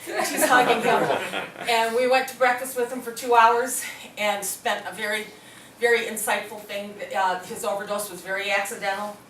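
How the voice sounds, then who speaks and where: Middle-aged woman, animated storyteller, recorded from afar in a roomy hall. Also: mid-range voice, normal speed, a little hiss or hum. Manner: animated, acts out quoted voices. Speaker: speaker at a hospital presentation. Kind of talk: storytelling to an audience. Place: hospital meeting room. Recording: echoey room, mic from a distance.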